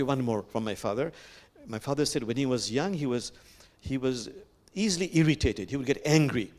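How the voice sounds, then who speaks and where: Male imam, reflective sermon, slows down for sacred quotes, pitch rises and falls a lot, sanctuary service. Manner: reflective, quotes sacred verses slowly and with emphasis; gentle, addresses the congregation directly.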